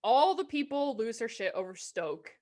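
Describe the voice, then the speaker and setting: A woman's voice: on the high side, lively intonation, normal speed, a little mellow. A young woman co-hosting a podcast, talking bluntly and jokingly with frequent swearing in casual chat. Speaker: podcast co-host.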